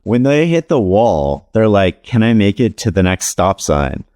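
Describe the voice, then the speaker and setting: Male author guest, low voice, dry close sound, relaxed storyteller with casual fillers. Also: a little slow, no echo. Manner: relaxed, anecdotal, many "like" fillers. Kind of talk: conversational interview storytelling.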